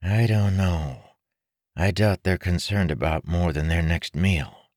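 A skeptical young nobleman, doubtful and deliberate, unhurried in his dry remarks, as a male narrator puts him on. The voice sits a bit above the narrator's deep register. The recording is dry and close. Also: darkish tone, no echo.

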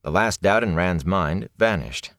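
Low-voiced man reading a story aloud. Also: unhurried, no room sound, studio quality. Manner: expressive, dramatic reading. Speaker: narrator. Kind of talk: scripted audiobook narration.

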